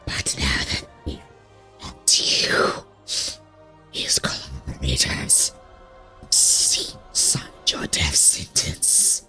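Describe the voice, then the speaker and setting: A man putting on a gravelly, hissing voice to read the lines of an arrogant, preachy ancient male ruler in a video game. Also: mid-range voice, animated, slow pace, pauses often, faint music behind. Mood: menacing. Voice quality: gravelly strained put-on voice. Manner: hissing half-whispered villain delivery. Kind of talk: reading game dialogue aloud in character.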